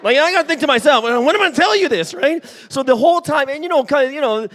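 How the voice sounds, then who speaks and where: Animated high-voiced man preaching. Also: fast. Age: 40s. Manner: animated storytelling, acts out dialogue, often asks "right?". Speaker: pastor. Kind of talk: sermon with personal story. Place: church.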